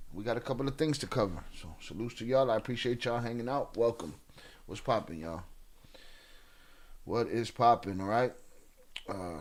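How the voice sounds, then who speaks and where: A man hosting a live stream in a casual, slangy, laid-back way, giving shout-outs to viewers. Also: medium pitch. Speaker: livestream host.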